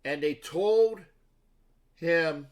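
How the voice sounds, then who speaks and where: Man, livestream host, fairly high voice, rambling casual chat, greets viewers, lots of restarts. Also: drawn-out words. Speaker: livestream sports show host.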